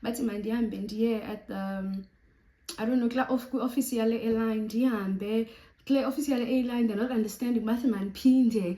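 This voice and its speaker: A young woman with a South African accent tells a personal story to her viewers, animated and chatty. She drifts between Xhosa and English as she goes. Her voice is mellow, and the room around her is roomy and echoey. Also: a little high, brisk. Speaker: YouTuber. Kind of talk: storytime vlog.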